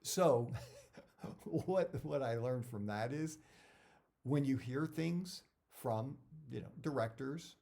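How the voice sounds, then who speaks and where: A man's voice: mid-range voice, animated, takes it slowly, vocal fry, warm tone. A middle-aged man, an actor, giving career advice in a casual talk that rambles, repeats words and drifts off topic.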